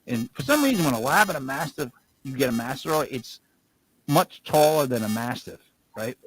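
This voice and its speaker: A man's voice: medium pitch, animated, normal speed, a bit bright, a little hiss or hum, low-quality recording. A man co-hosting a podcast, rambling through casual stories and laughing as he talks. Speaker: podcast co-host.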